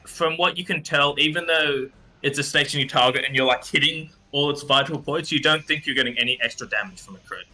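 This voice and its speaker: Bright-voiced male game master. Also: on the high side, fairly quick. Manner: loose and conversational, with many fillers. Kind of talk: narrating a tabletop game.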